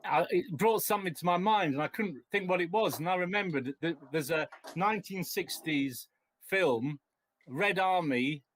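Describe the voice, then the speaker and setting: A man chatting casually on a video call, halting and meandering. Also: high voice, fairly bright tone.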